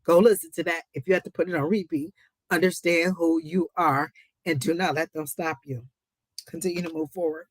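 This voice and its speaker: A woman hosting a live psychic reading stream speaks in a low, steady, brisk voice with no room sound. She's emphatic, repeating phrases for effect, exclaiming to the Lord, and breaking off into chatty asides to her viewers.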